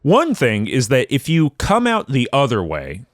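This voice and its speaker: A man co-hosting a podcast, telling his game story in a playful, animated way. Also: medium pitch, unhurried, no room sound, studio quality. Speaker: podcast co-host. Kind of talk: casual gaming chat.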